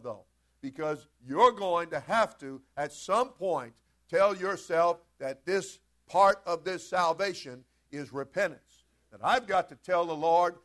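Male pastor, high voice, energetic, storytelling sermon, emphatic. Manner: storytelling, builds to loud emphatic preaching.

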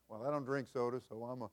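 An older man preaching as senior pastor, folksy and chuckling, building to loud emphatic peaks. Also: mid-range voice. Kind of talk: sermon.

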